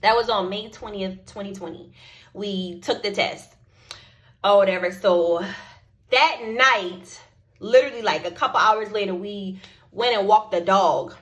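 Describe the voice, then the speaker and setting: A woman's voice: medium pitch, measured pace, a bit bright. A young woman, telling a personal story to her viewers and acting out both sides of the conversations. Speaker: vlogger. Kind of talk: casual storytelling to camera.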